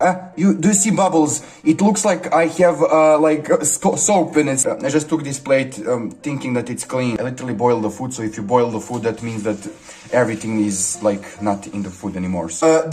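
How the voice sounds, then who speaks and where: A man's voice: on the high side, a little mellow. A man hosting a casual cooking vlog at home, rambling and jumping between thoughts with self-mocking asides. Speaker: YouTube host. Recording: echoey room with faint music.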